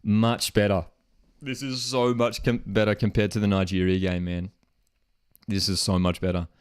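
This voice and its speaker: A man hosts a live football watchalong and reacts to the match as it happens. He talks in an excitable, disbelieving way, and his voice climbs sharply when he is outraged or celebrating. Between reactions he reads out comments from viewers. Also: fairly low pitch, normal speed, clear, resonant tone, no room sound, studio quality.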